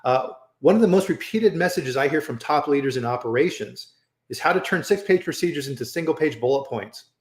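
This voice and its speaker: A man's voice: on the high side, fairly quick. A man hosting a casual live-stream chat, telling stories and often adding "right?" as he talks over a video call. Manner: animated storyteller, repeats "right?". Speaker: host. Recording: roomy echo.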